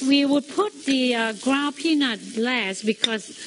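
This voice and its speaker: Woman, slightly high voice, restaurant owner, earnest, pausing, cooking demonstration, loud frying sizzle behind. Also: noisy background. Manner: plain, earnest explaining with pauses. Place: studio kitchen with food frying.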